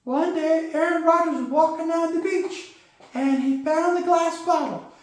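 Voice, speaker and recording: A man voicing a goofy, high-voiced male sidekick who rambles through jokes and breaks into shouted rants. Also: measured pace. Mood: joking. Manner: rambling joke-telling, bursts into shouting rants. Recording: very echoey room.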